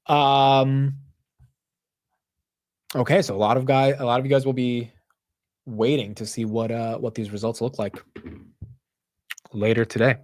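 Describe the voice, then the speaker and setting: Chatty man hosting a market stream. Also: mid-range voice. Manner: chatty, slangy, thinks aloud. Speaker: livestream host. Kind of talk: casual market commentary.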